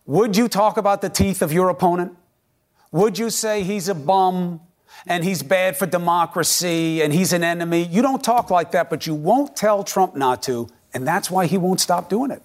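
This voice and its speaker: A man anchoring a cable news interview, pressing his guest in a forceful, argumentative way. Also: high voice, normal speed.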